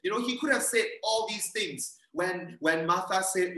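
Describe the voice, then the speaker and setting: A man's voice: sits high, a little slow, sharp tone. Earnest male preacher in an echoey room. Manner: earnest, repeats phrases for emphasis. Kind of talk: sermon over video call. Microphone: video call. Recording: echoey room, a bit far from mic.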